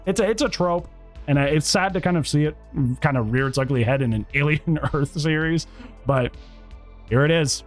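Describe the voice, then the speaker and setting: A man giving a casual, rambling review of a TV episode, animated and acting out bits of dialogue. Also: on the high side, moderate pace, faint music behind. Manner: animated, rambling, acts out quotes. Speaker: TV show reviewer.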